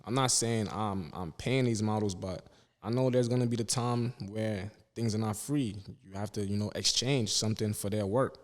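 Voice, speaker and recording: A man's voice: lowish voice, normal speed, in a large hall. A young man, a fashion designer guest, speaking in a laid-back, earnest way in street slang. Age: young adult. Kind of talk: casual interview chat.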